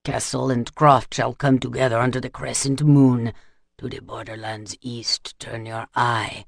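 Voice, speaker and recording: Male narrator as a crazed vampire rogue: slow, gravelly, whispery sing-song chant. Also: medium pitch, flat delivery, no room sound, studio quality, voice pushed down.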